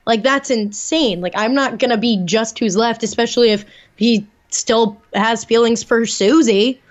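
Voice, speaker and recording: A woman's voice: fairly high pitch, measured pace. A young woman co-hosting a casual chat, animatedly recapping and acting out quotes, with some swearing. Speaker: podcast co-host. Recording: dull lo-fi sound.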